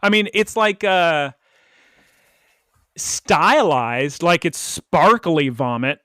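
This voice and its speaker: A man co-hosting a laid-back podcast, his voice sitting a little high for a man. He recaps a cartoon episode with animated energy, dropping into quick quoted voices and laughing along the way. The recording is close and dry, with no room sound. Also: no echo. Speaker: podcast co-host.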